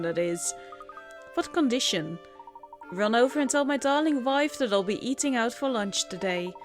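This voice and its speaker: A woman's voice: fairly high pitch, pitched below the performer's own voice, natural voice. A woman voicing a sly, teasing old man in a video game, old-fashioned in manner.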